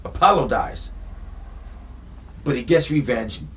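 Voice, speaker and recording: A man retelling a movie in a casual, animated style, full of slang and rhetorical questions. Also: mid-range voice, slow pace, background noise. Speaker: movie commentator. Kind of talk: casual storytelling commentary.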